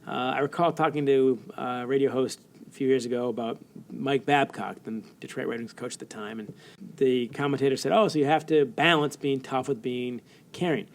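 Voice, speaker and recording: A middle-aged American man telling stories as a guest in an interview, animated and laughing often while he acts out quotes. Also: medium pitch, gravelly. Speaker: author guest. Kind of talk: storytelling interview.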